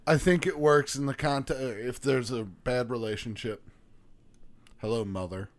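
A mid-pitched man co-hosting a casual podcast. He lays out his theories in a wry, offhand way. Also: normal speed. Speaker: podcast co-host.

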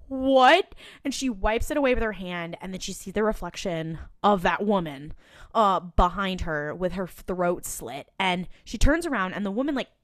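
In a dry, clean studio recording, a woman with a mid-range voice co-hosts a podcast recapping a TV episode. The chat is casual and animated, full of laughter and lively bursts of quoted character lines.

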